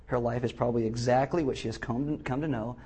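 A middle-aged man preaching a sermon as pastor, animated and acting out the voices he quotes. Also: medium pitch, fast talker, breathy edge.

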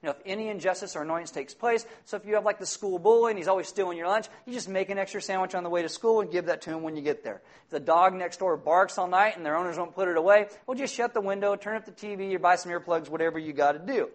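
A man preaching a sermon as pastor, animated, acting out little scenes in exaggerated voices. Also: high-pitched, quick pace, few pauses.

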